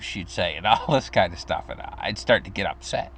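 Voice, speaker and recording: A man's voice: deep voice, lively intonation, normal speed, hardly any pauses, a bit bright. A man in his fifties from the United States, telling a childhood story in a meandering, chuckling way. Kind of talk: casual personal storytelling.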